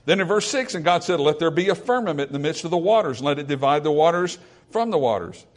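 A male pastor preaching a sermon, swinging from forceful emphasis to hushed, quiet lines. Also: fairly high pitch, lively intonation, fast.

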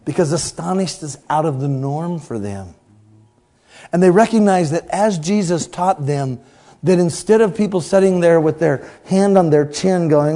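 Man, sermon, playful, teasing congregation, loud outbursts and quiet asides, slightly high pitch. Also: unhurried. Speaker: preacher.

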